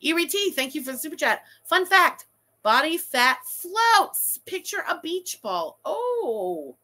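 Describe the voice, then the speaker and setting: A woman's voice: very high-pitched, measured pace. A young adult woman hosting a casual livestream, reading super chats aloud and ranting with lots of swearing. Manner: profane, animated, ranting.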